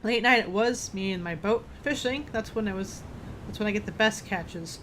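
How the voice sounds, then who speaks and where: A woman's voice: mid-range voice, normal speed, fairly bright tone, a little hiss or hum, lightly acted. A woman reading a grim old fisherman. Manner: reads game dialogue aloud with some stumbles.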